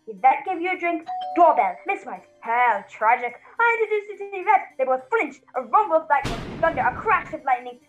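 A woman acting as a butler in a stage play, recapping a murder mystery in a fast, theatrical way. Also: sits high, muffled recording. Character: butler narrating the murder case, brisk and theatrical.

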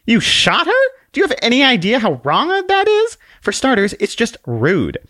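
A man's voice: very high-pitched, wildly swooping pitch, normal speed, sharp tone, no echo, clean studio sound, voice pushed up, full character voice. A man voicing a sassy, condescending little female book who lectures bluntly.

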